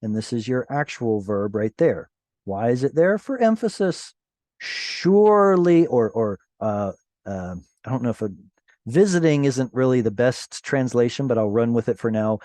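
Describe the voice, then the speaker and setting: A man teaches a language class over a video call, working through the text word by word. His pace is unhurried and his pitch sits in an ordinary middle range. The sound is dry and close, with no room echo. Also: warm tone. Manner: patient, explains word by word, self-correcting. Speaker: Hebrew teacher.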